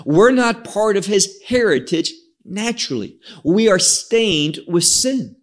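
Male preacher, slow deliberate delivery, animated pitch, emphatic scripture teaching. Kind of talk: expository sermon.

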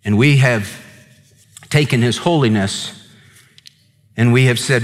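A man's voice: medium pitch, a little slow, pauses often, long reverb tail. A man preaching a sermon as pastor, emphatic and repeating words for stress.

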